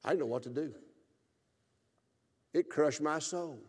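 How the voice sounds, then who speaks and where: A man in his seventies preaching a revival sermon, telling his own story and swinging from loud exclaiming to hushed, tearful telling. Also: mid-range voice, animated, measured pace, gravelly, pauses often, breathy edge, long reverb tail. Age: 70s. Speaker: pastor. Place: church sanctuary.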